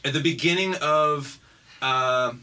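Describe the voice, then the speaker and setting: A man's voice: a little high, slow pace, bright, forceful tone, smooth. A man from Baltimore, a podcast guest, talking casually, laughing often and acting out quoted lines. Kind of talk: casual chat.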